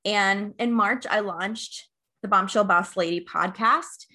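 A woman in her thirties, a life coach, telling her story in a casual podcast interview, earnest and animated, laughing often. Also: medium pitch, takes it slowly.

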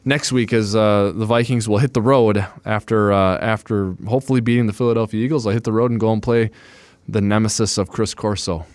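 A man hosting a sports podcast, moving briskly through segments like an announcer. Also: on the low side, fairly even intonation, a little mellow, dry recording. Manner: brisk, announcer-like wrap-ups. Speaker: podcast host.

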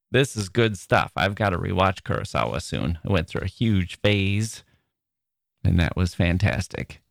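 Playful, slow-talking male podcast host. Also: lowish voice, creaky, a bit bright, clear, resonant tone, dry recording, clean studio sound. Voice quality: squirrel-like voice. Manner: playful and theatrical, often laughing at himself. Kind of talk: playful literary podcast chat.

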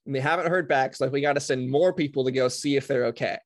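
A man's voice: mid-range voice, fast talker, dry recording, studio quality. A young man in casual movie chat, recapping the plot with plenty of fillers.

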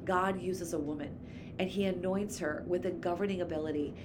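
A woman's voice: fairly low pitch, steady tone, fairly quick, noisy background. A woman, co-host of a Bible study podcast, talking enthusiastically about a favorite biblical heroine. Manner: enthusiastic, gushing.

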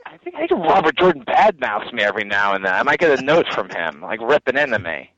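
A man's voice: fast, dry recording. Guy cohosting a podcast, joking around, voice jumps all over, a bit lo-fi. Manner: jokey, animated, slips into goofy high voices. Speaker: podcast co-host. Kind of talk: casual chat.

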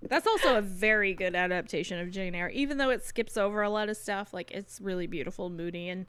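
Bright, emphatic woman podcast host. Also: medium pitch, fast talker, clear, resonant tone, no room sound. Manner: emphatic, opinionated, laughing. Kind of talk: casual chat.

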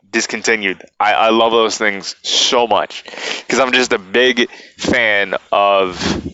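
A man's voice: medium pitch, pushed and bright, clean tone, highs cut off. A man hosting a podcast, talking in a casual, rambling monologue full of fillers and playful asides. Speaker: podcast host.

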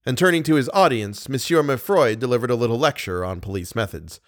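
A man reading a classic novel aloud in steady, even storytelling narration. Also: mid-range voice, a little fast, few pauses, no echo, studio quality. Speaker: audiobook narrator.

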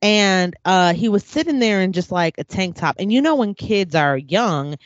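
A woman's voice: mid-range voice, moderate pace, no room sound. A woman in a casual chat, telling stories with animation and acting out what people said. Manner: animated storyteller, acts out quotes. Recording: dull lo-fi dry sound.

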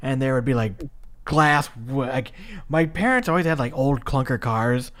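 A co-host in their thirties from Minnesota, recapping a match in loose, profane chat. The voice is mid-pitched and very expressive, rising and dropping widely. Lots of filler words and restarts keep it rambling. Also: normal speed. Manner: lively, swearing freely, many likes and restarts. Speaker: podcast co-host.

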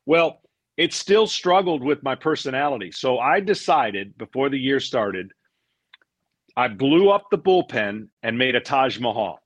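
Middle-aged guy spinning a long story, lively, restarts a lot, dry close sound. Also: mid-range voice, unhurried, dry recording. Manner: animated storyteller, acts out quotes, repeats words. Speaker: guest, former pitcher. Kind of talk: casual storytelling interview.

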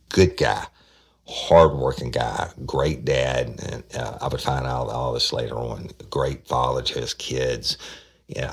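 Man, extremely low voice, raspy, casual storytelling. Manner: plainspoken, rambling with restarts and quoted dialogue. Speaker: retired detective telling a case. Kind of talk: casual spoken true-crime storytelling.

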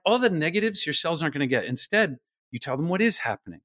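A middle-aged man talks as a podcast guest, his pitch swinging up and down with real liveliness. The recording is close and dry, with almost no room sound around him. He explains eagerly and slips into little acted-out voices when he quotes someone. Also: very animated, fast, bright, forceful tone, dry recording. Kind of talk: explanatory interview talk.

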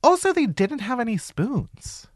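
A woman's voice: a little high, sing-song, unhurried, dry recording, studio quality. A woman hosting a comedy podcast, ranting sarcastically and swearing for comic effect. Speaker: podcast host. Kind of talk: casual comedic chat.

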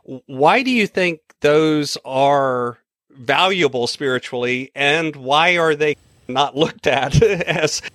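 A man's voice: fairly high pitch, takes it slowly, fairly bright tone, no echo, clean studio sound. A man hosting a podcast interview, reassuring his guest and asking thoughtful questions with many restarts. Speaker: podcast host. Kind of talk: interview conversation.

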